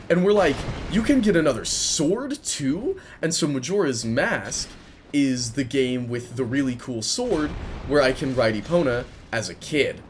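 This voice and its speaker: A man in his twenties telling a rambling story while commenting on his own gameplay, chatty and excitable, breaking off to react loudly. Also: medium pitch, a little hiss or hum. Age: 20s. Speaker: gaming video creator.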